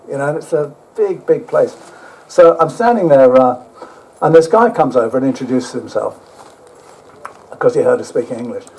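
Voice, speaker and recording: An older man giving a rambling travel talk with slides, halting often and dropping blunt, sweary asides. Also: mid-range voice, darkish tone, low-quality recording. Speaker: guest speaker.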